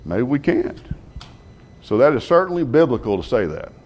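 A man preaching to a Bible class, animated and full of rhetorical questions. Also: medium pitch, normal speed.

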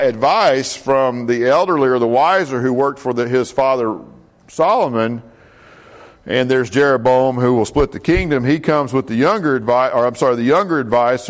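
Man teaching a casual Bible class. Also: mid-range voice. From United States. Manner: conversational, many fillers and self-corrections, asks the class questions.

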